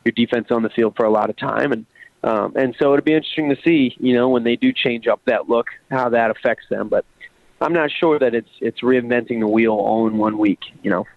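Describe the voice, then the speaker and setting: A man's voice: mid-range voice, brisk, gravelly, no room sound. A man, a former college football player, calling in to a sports talk show and talking in long, rambling answers full of fillers and restarts. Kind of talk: casual phone-in sports talk. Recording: tinny phone line.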